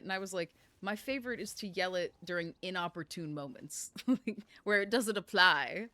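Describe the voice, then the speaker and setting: A woman streamer chatting casually over her gameplay in an animated way, laughing often. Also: mid-range voice, moderate pace, no room sound.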